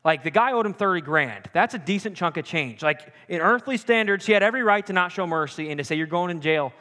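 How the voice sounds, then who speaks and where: A young man preaching a sermon with animated, joking asides. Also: high voice, fast talker. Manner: animated, jokey asides and acted-out quotes. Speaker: pastor. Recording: long hall reverb.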